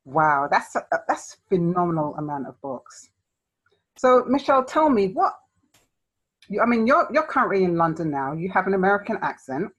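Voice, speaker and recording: This woman hosts a podcast in a husky, slightly breathy voice. She talks in a rambling, chatty way and laughs readily. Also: lowish voice, very animated, moderate pace, fairly bright tone, rough recording. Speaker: podcast host. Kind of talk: casual interview chat.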